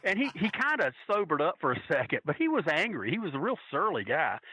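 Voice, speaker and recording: A man on a podcast telling a long, animated, profane story with plenty of restarts. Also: fairly high pitch, a little fast, slightly rough, no echo, low-quality recording. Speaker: podcast guest telling a wrestling fan story. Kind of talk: casual storytelling.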